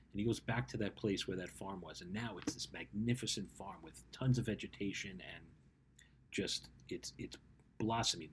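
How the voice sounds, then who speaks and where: Guy coaching teens, lowish voice, chatty motivational talk, keeps going "right?", faint hum in the back. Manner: conversational, keeps asking "right?".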